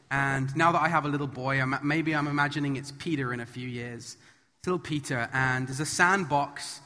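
Pushed and bright, his fairly high voice carries a children's message sermon in a church hall. He speaks earnestly and emphatically, stacking his points by repeating them, while the large hall adds a long reverb.

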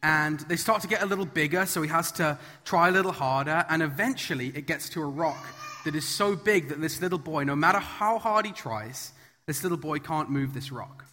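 A man's voice: fairly high pitch, a little fast, bright, forceful tone. A man giving a sermon as a children's message, earnest and emphatic, building his points through repetition, in a church hall. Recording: long reverb of a large hall.

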